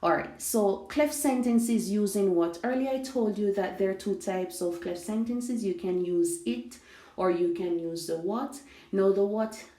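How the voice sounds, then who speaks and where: A woman teaching an English grammar lesson, explaining slowly and glossing words in Spanish. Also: medium pitch, dark tone. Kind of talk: language lesson. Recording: echoey room.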